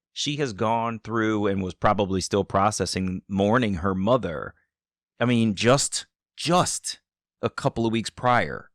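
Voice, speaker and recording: Low-voiced man narrating a podcast. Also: a bit bright, dry recording, clean studio sound. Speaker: podcast host. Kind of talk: narration and interviewing.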